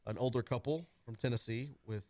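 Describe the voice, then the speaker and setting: A man co-hosting a podcast, telling stories in casual chat with lively quoted voices. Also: mid-range voice. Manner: fast-talking storyteller, animated impressions in quotes. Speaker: podcast co-host.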